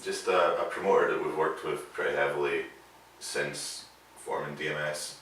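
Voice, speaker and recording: A man in a band, a guest on an interview, speaking haltingly with stumbling starts and frequent laughs. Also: extremely low pitch, fairly even intonation, a bit bright. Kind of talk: casual interview chat. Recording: echoey room, distant mic, faint noise.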